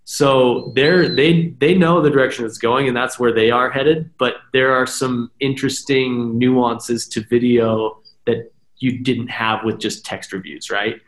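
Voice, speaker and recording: Male podcast guest, mid pitch, roomy sound, animated explainer. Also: unhurried. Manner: animated, talks in long explanations with many "right?" asides. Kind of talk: casual podcast chat. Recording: roomy echo.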